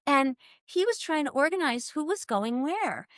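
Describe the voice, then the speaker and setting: A woman in her sixties from the US East Coast, telling animated stories as a guest in a casual chat and laughing often. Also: sits high, normal speed, no echo, clean studio sound.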